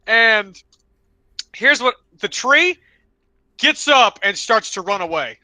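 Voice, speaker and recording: A young man on a podcast telling rambling, animated stories, now and then slipping into loud voices for his friends. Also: high-pitched, slow, pauses often, dry recording. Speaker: podcast co-host. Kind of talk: casual storytelling chat.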